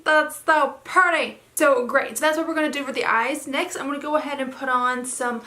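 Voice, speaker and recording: A young woman with a bright, somewhat high voice talks her way through a makeup tutorial in a loose, rambling way, full of fillers. Her throat sounds a little hoarse. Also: fairly even intonation, brisk. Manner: chatty, rambling with many fillers. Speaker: beauty vlogger. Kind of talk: casual makeup tutorial chat.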